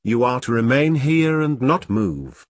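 A man's voice: medium pitch, sing-song, unhurried, no room sound. A man voicing a stern male army section commander who gives clipped orders to surrendering troops.

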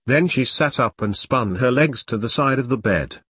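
A man narrating a first-person detective novel in a wry, deadpan, self-mocking way. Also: mid-range voice, normal speed, breathy edge, dry recording, studio quality. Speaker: audiobook narrator.

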